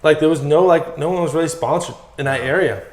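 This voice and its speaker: A man telling stories in a casual podcast interview, animated and full of swearing and "like"s. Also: fairly high pitch, fast talker. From Massachusetts. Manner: profane, animated storytelling with many "like"s. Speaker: guest, former pro BMX rider. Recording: echoey room.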